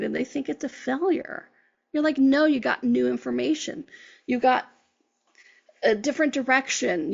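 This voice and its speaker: Female podcast host and life coach, earnest motivational delivery, raspy with heavy vocal fry, on a dull recording. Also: a little high. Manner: earnest, encouraging, quotes herself and clients in conversation. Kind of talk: motivational talk.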